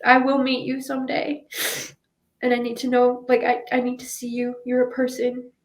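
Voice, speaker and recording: Woman guest, higher pitch, monotone, measured, echoey room sound. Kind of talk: personal storytelling in an interview. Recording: roomy echoing room audio.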